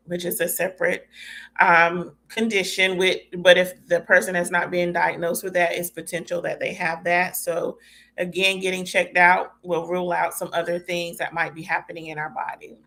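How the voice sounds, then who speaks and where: Woman host, middle-aged, somewhat low voice, casual and chatty, loose and filler-heavy. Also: little pitch movement, moderate pace, sharp tone. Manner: informal, addresses listeners as y'all, many fillers. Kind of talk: casual talk on mental health.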